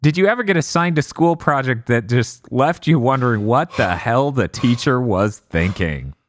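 A man hosting a podcast, telling stories in casual chat, blunt and quick to swear. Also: mid-range voice, animated, a little hiss or hum. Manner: storytelling, blunt, swears freely. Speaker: podcast host.

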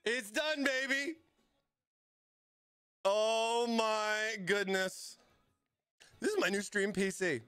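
A high, bright-toned man hosts a casual livestream, talking directly to his chat in an excitable, hyped way. He speaks slowly, with a dry, close sound. Faint music plays behind him. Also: smooth, no room sound. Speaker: livestream host.

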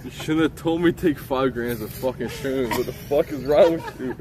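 A man livestreaming outdoors, talking in a rambling, profane, agitated way while high and paranoid. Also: normal speed, over a noisy crowd. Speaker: IRL livestreamer. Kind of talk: live street streaming.

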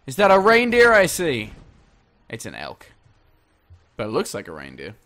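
A man's voice: medium pitch, wildly swooping pitch, moderate pace, a bit bright. A man giving rambling, jokey let's-play commentary, swearing freely as he plays. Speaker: gaming channel host.

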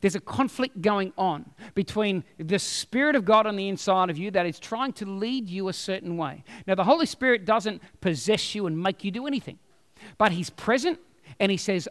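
A male pastor preaching a sermon in a chatty, animated, storytelling way. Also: high-pitched, normal speed, long reverb tail.

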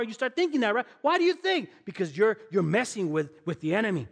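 A man with a high-pitched voice preaching a sermon in a church, his words trailing off into a long hall reverb. He is animated and emphatic, firing rhetorical questions at the congregation and dropping in casual slang along the way. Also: fairly quick, creaky, hardly any pauses. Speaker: guest pastor. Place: church sanctuary.

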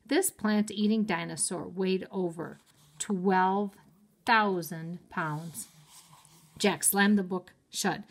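A woman teacher reading a chapter book aloud to children and stopping to explain words. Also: on the low side. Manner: slow and clear, explaining words. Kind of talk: read-aloud storytime for children.

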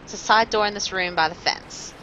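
A woman streaming live gameplay, talking to her chat in a jumpy, nervous way with quick laughs. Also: mid-range voice, noisy background. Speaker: game streamer.

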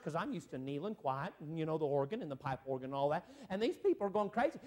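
Man, high-pitched, revival preaching, loud then hushed, church sanctuary. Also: big pitch swings, fast talker, hardly any pauses. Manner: swings from loud shouting to hushed, emotional storytelling. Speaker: evangelist. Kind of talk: revival sermon testimony.

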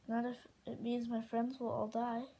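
A woman's voice: on the high side, completely flat delivery, moderate pace, mellow, a little hiss or hum, natural voice, rough recording. A woman voicing a frightened young female dragon with visions, talking in a frantic, pleading way.

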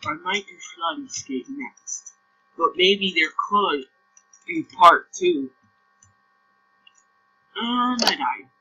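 A man's voice: high-pitched, big pitch swings, very slow, gravelly, long pauses, sharp tone, breathy edge, lo-fi sound. A young man with a Norwegian accent, casually commenting on a game and puzzling aloud as he plays. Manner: puzzled, thinking aloud, repeats himself. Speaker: gameplay commentator.

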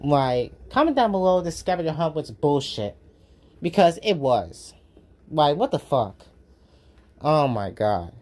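A woman's voice: sits low, big pitch swings, a little slow, darkish tone. A woman hosting a reaction video, ranting with profane indignation.

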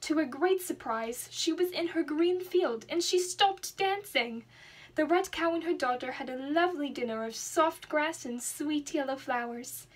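A young woman reading a children's storybook aloud in an expressive, dramatic way. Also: high voice, a little slow. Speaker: student reader.

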